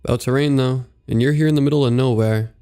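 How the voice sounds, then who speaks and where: A man's voice: medium pitch, fairly even intonation, fast, mellow, smooth, faint music behind, natural voice. A man voicing a folksy male driver with a Southern American drawl.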